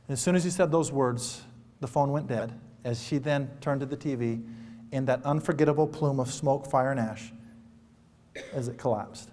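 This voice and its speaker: A man's voice: mid-range voice, moderate pace, a little mellow. A man giving a motivational keynote to an audience, telling a story in an earnest, emotional manner. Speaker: motivational speaker. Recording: reverberant hall.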